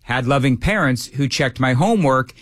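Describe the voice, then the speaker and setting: A man's voice: mid-range voice, lively intonation, moderate pace, dry recording. A man co-hosts a talk show, giving frank opinions in casual chat. He often stammers and restarts his sentences. The sound is dry and close. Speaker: radio show co-host.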